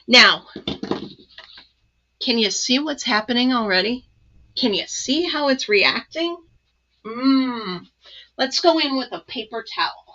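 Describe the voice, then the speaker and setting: Bright chatty woman crafting host. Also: on the high side, takes it slowly, long pauses, lo-fi sound. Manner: chatty, excited, many ums and asides. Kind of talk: casual live crafting demo.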